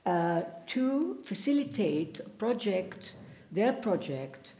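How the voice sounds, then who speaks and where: A woman's voice: medium pitch, sing-song, slow pace, mellow, slight background noise. A woman from Palestine giving an earnest talk at a public debate, now and then stumbling and restarting a word. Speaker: invited speaker. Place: lecture hall. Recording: roomy hall echo.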